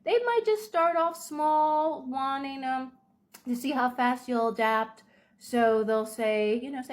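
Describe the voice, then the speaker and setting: A woman talking in a casual advice vlog, unhurried, with frequent ums and restarts. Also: high-pitched. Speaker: video creator.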